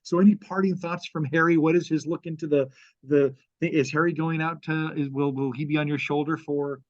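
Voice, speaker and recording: A man's voice: a little high, steady tone, a little fast, no echo, muffled recording. A man hosting a casual podcast, rambling and self-deprecating, laughing often. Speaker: podcast host. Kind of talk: casual chat.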